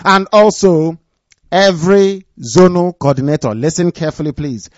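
The leader of a movement speaks live on radio to his followers at a moderate pace. His delivery is authoritative and repetitive, turning low and soft when he warns them. The recording has no room sound and dull audio.

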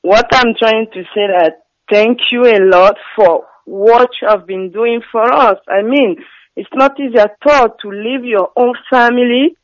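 A woman with a French accent calling into a radio show by phone, speaking softly and hesitantly. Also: a little high, measured pace, no echo. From France. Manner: soft-spoken, hesitant, apologetic. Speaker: caller. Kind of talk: radio call-in. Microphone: phone line. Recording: dull phone line.

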